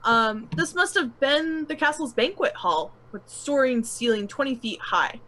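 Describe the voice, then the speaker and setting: Woman, game master, bright tone, higher voice, chatty narration, tabletop game. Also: expressive, unhurried, low-quality recording. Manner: chatty, laughing, full of fillers.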